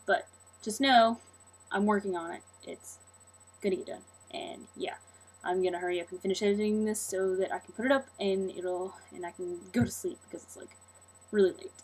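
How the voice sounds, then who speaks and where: A young woman talks casually to her viewers in a rambling, apologetic way. Her voice has a light husky quality. She runs on from thought to thought with plenty of fillers. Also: mid-range voice, steady tone, normal speed, rough recording. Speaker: vlogger. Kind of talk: casual vlog chat.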